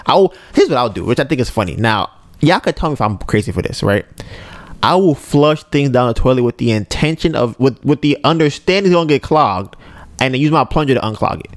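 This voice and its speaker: A man of middle pitch tells an animated, joking story, like a casual podcast host. His voice sounds close and dry, with no room echo around it. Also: brisk.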